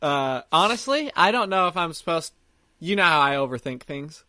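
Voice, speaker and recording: A man's voice: fairly high pitch, sing-song, normal speed, bright, forceful tone, dry recording. A young man co-hosting a podcast, telling rambling stories and laughing at his own jokes, recording from his camper. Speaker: podcast co-host. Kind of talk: casual chat.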